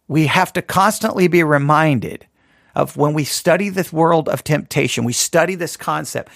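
A man's voice: a little high, moderate pace, vocal fry, fairly bright tone, no echo, studio quality. A man hosting a casual Christian podcast, talking in a rambling, self-deprecating way with many restarts. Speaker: podcast host.

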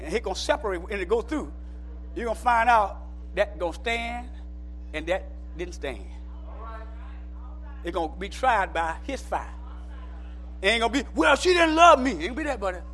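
A man preaching a sermon in plain folksy speech, dropping into low asides and then rising to shouted exhortation. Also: lively intonation, moderate pace, long pauses, slight background noise. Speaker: pastor. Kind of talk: call-and-response sermon.

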